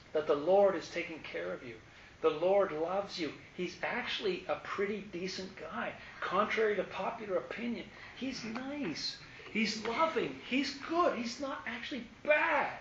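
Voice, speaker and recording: A man preaching a sermon in an animated, emphatic way, sometimes acting out voices. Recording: roomy, dull audio with faint rumble.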